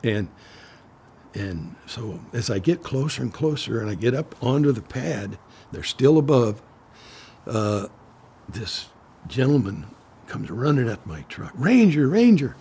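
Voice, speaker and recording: An older man from Oklahoma, a retired forest supervisor, tells stories in an oral history interview, rambling with restarts and clearing his throat. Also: mid-range voice, animated, measured pace, pauses often, darkish tone, a little hiss or hum.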